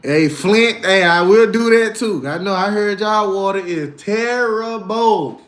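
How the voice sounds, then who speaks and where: Male livestream host, high voice, lively storyteller who acts out voices, echoey room. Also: a little slow. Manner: animated storytelling, acts out voices, laughs often. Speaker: livestream host reading chat. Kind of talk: casual livestream chat.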